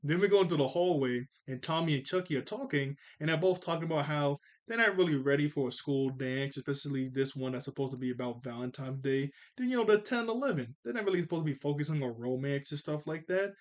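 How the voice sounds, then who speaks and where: A young man with a fairly high voice runs through a cartoon episode in a casual, chatty way. He laughs often, sounds playful and gets animated when he makes his points. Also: fast talker, hardly any pauses. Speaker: cartoon reviewer.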